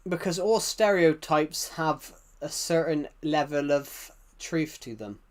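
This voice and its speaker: Speaking a little high and taking his time, a man from the UK with a British accent chats loosely on a live game stream. He wanders from point to point, reads out and answers chat, and restarts his sentences a lot.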